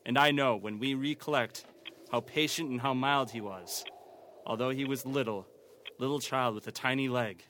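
An actor playing a humble, sentimental poor father who speaks softly and earnestly to his family. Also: medium pitch, moderate pace, slight background noise, close to an everyday voice. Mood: tender. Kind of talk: comedy audio parody.

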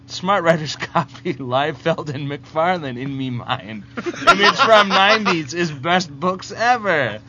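A man's voice: on the high side, pushed and bright, a little hiss or hum. A man reading a listener's letter in the voice of Bizarro, a dim-witted backwards male supervillain, speaking in broken grammar. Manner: broken grammar, calls himself "me". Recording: dull lo-fi podcast audio.

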